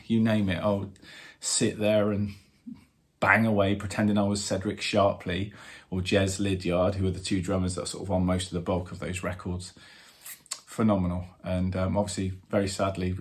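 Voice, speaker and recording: A man in his fifties, a drummer hosting his own channel, telling a story with animated fan excitement and lots of fillers. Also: low-pitched. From England. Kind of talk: casual storytelling to camera.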